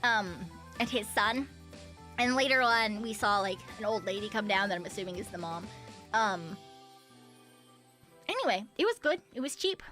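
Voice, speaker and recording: A woman's voice: medium pitch, lively intonation, normal speed, pauses often, bright, forceful tone, soft background music. A woman streamer chatting casually, giggling often and rambling with lots of fillers and self-corrections. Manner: giggly, laughs often between sentences. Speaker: VTuber streamer.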